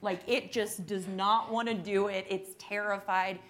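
A woman's voice: mid-range voice, steady tone, unhurried. A woman on an actor panel, speaking frankly and self-deprecatingly about her work and laughing easily. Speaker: actress panelist. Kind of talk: candid panel conversation.

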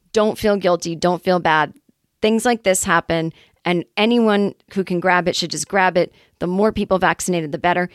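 Woman comedian, lowish voice, candid rambling monologue, dry close sound. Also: no room sound. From Los Angeles area, California. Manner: candid, rambling, self-deprecating with swearing. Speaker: comedian, podcast host. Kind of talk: casual storytelling monologue.

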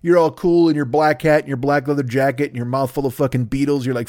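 A man's voice: a little high, fast talker, hardly any pauses, a little mellow, no echo, studio quality. A man in his fifties hosting a podcast, rambling through a comedic solo monologue, swearing freely and jumping into exaggerated mock voices. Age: 50s. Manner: profane, riffing, self-deprecating, leaps into exaggerated mock voices. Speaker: podcast host.

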